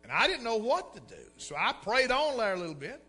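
A middle-aged preacher, telling a story in a folksy, animated way and repeating words for effect. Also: male voice, very high-pitched, fairly quick, breathy edge, faint music behind. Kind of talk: sermon storytelling.

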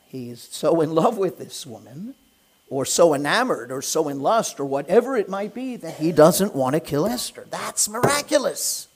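A man teaching a class on the Book of Esther in a lively lecture, firing rhetorical questions at the room and acting out the characters. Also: sits high. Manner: animated, fires rhetorical questions at listeners; acts out the characters in quick voices. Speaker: Torah teacher.

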